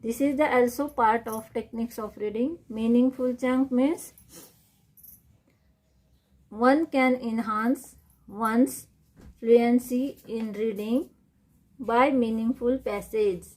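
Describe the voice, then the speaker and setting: A woman teaching a lesson on reading techniques, defining each term slowly and repeating it. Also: fairly high pitch, fairly even intonation, warm tone. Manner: slow, repetitive, defining terms one by one. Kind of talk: classroom lecture on reading techniques.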